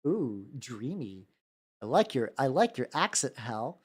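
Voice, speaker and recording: Swooning, breathy admirer, put on by a man, slow and gushing. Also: medium pitch, very animated.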